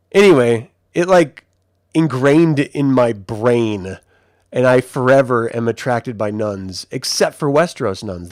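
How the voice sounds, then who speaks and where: A man with a high, lively voice reviews a TV episode in a loose, rambling way. He swears freely and piles on fillers as he goes. The sound is close and dry. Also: dry recording. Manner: animated, profane, rambling with fillers. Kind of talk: casual spoken review.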